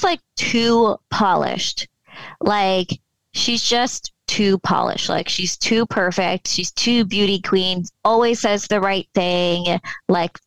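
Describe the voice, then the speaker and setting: A woman talking casually as a podcast guest, with a gravelly edge to her voice. Her speech is filled with fillers, recorded close in a dry room. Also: lowish voice, dry recording, poor audio. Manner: chatty, filler-heavy. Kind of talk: casual chat.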